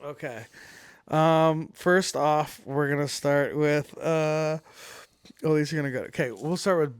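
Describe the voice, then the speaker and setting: A man co-hosting a podcast, talking casually in a halting way with many fillers and questioning asides. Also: on the high side, fairly even intonation, clear, resonant tone, dry recording, clean studio sound. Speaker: podcast co-host. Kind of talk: casual chat.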